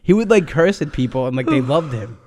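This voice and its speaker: A man's voice: medium pitch, expressive, fairly quick. Crude, laughing storytelling man. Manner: crude, laughing, acts out loud gruff quotes. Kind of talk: casual storytelling chat.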